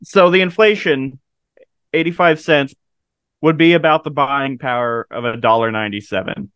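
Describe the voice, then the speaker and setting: A man's voice: mid-range voice, moderate pace, a bit bright, clear, resonant tone, no echo. A man in his thirties chatting casually about a film, laughing often and swearing freely. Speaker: podcast co-host.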